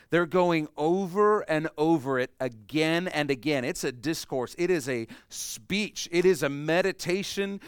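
A man preaching a sermon, explaining a passage emphatically and swinging between loud and hushed delivery. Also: fairly high pitch, clean tone, no echo, clean studio sound. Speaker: pastor.

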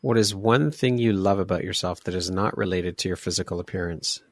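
A man's voice: deep voice, fairly quick, no room sound. A man hosting a podcast interview, asking questions in an upbeat, encouraging way. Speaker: podcast host.

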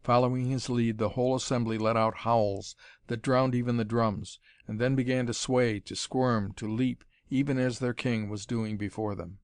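A man reading an adventure story aloud as narrator, in a measured, dramatic manner. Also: mid-range voice, steady tone, clear, resonant tone, no echo, clean studio sound. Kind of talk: audiobook reading of pulp adventure fiction.

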